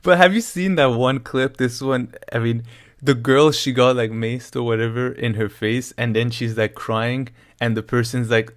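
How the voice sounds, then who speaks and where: A man co-hosting a relaxed discussion of the news. He rambles in a loose, chatty way, leaning on "like" and "I mean" and laughing quickly between points. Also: medium pitch. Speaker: co-host of a news discussion show. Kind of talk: casual political chat.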